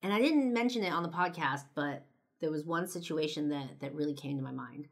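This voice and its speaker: A woman in her twenties who hosts podcasts and videos shares a personal story in a chatty, casual way, full of fillers and with some swearing. Her voice is low and fairly quick.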